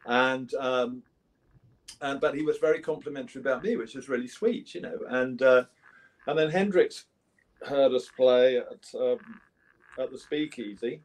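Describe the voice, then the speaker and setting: A man's voice: medium pitch, normal speed. A man in his seventies with an English accent, a guest musician chatting casually in an interview and telling rambling anecdotes full of restarts. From England. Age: 70s.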